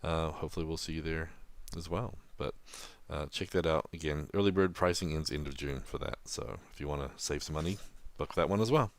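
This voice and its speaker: New Zealand man, very low voice, dry close sound, casual podcast co-host. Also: fairly quick, no echo. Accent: New Zealand, softened toward American. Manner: chatty, laughs often, many fillers.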